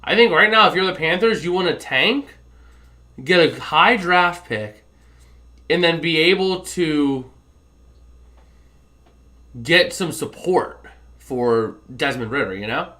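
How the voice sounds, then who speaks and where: Male play-by-play caller, quick excited calls, high bright voice. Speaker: play-by-play commentator. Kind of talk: live stream game commentary.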